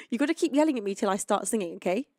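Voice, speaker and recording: A woman's voice: on the high side, no echo, clean studio sound. A young woman from the UK, a singer-songwriter, chatting to her live chat in a rambling, friendly way while feeling tired. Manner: chatty, rambling, greets viewers warmly. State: tired and sleepy.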